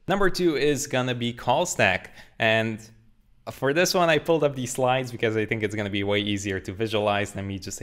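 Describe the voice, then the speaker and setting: A man's voice: fairly low pitch, fairly bright tone, clear, resonant tone. A young man in his twenties giving a casual, joking coding tutorial, talking through his code as he types. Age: 20s. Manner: upbeat, joking, explains while typing. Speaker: programming tutor. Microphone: studio condenser mic.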